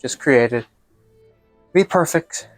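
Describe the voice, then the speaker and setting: A man's voice: mid-range voice, expressive, slow pace, no echo, faint music behind. A man hosting a comedic cooking vlog, narrating in a playful, mock-grand showman way. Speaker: cooking show host.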